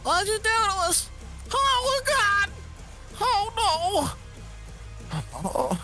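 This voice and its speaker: A man voicing a cursed werewolf forced into a whiny, nasal, high-pitched voice during a tabletop game. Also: sing-song, extremely slow, bright, forceful tone, soft background music, exaggerated voice. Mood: dismayed. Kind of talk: tabletop role-play.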